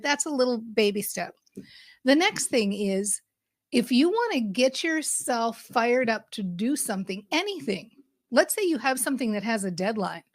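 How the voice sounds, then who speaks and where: A middle-aged woman coaching with upbeat, emphatic energy, her voice sitting somewhat high. She acts out excited self-talk in a motivational style, recorded close and dry with no room sound. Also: no room sound. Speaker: mindset coach.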